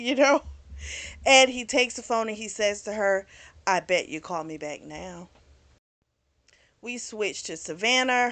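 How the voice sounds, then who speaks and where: A woman casually reviewing a book, retelling the plot in a chatty, expressive way with slang and many asides. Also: mid-range voice. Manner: chatty and expressive, quoting characters with outrage; informal slang, frequent "like" and "you know".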